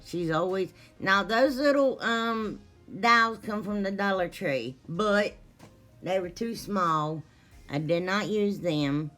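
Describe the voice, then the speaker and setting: A woman's voice: medium pitch, expressive, slow, fairly bright tone, soft background music. A woman narrating her crafting vlog casually, apologetic and laughing at herself as she rambles. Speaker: DIY crafting vlogger.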